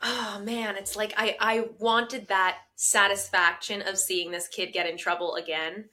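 A woman with a bright, clear voice chats casually as a podcast co-host. She tells her story with animated indignation, her pitch sitting in an ordinary middle range. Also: unhurried.

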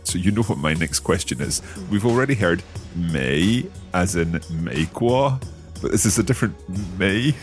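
Deep-voiced man learning phrases. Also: lively intonation, soft background music. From Scotland. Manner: curious, repeats phrases slowly and carefully. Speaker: learner host of a language lesson. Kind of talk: language lesson dialogue.

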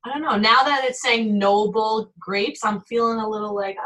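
Bright-voiced, chatty woman co-host. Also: on the high side, moderate pace, rough recording. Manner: chatty, laughing, self-mocking. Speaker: podcast co-host. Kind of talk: casual chat.

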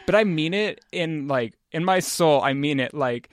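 A man's voice: on the high side, animated, moderate pace, dry recording. Reflective, rambling man in casual chat. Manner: reflective, rambling, with filler words. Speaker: podcast guest.

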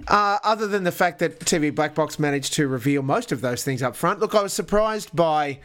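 Australian man, middle-aged, podcast panelist, opinionated and chatty, a bit high-pitched. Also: animated, a little fast, fairly bright tone. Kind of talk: casual podcast chat.

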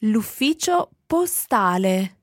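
A native Italian woman tutoring, giving slow, careful model pronunciations. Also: mid-range voice, sing-song, dry recording, clean studio sound.

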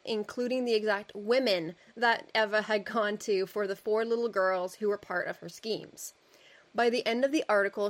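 Woman co-host, casual storytelling, says "like" often, middle pitch. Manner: casual, uses filler "like". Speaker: podcast co-host.

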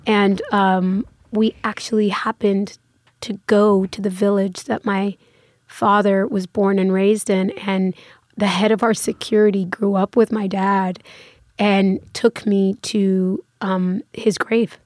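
A woman's voice: mid-range voice, flat delivery, slow pace, darkish tone, dry recording, clean studio sound. A woman in her thirties talking casually as a podcast guest, with lots of "like" and restarts. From United States. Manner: chatty, many fillers and restarts. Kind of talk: casual interview conversation.

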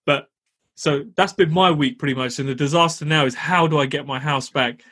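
A young man tells a story in a casual, animated way and swears now and then. His voice sits a little high and has a husky edge. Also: fairly quick. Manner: animated, laughs while telling, swears casually. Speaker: landlord telling a story.

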